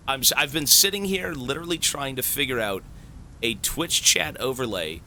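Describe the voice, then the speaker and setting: A man streaming live, thanking viewers for gifts in an excitable, swearing, disbelieving way. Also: mid-range voice, moderate pace, a little hiss or hum. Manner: excitable, swears a lot, stunned outbursts.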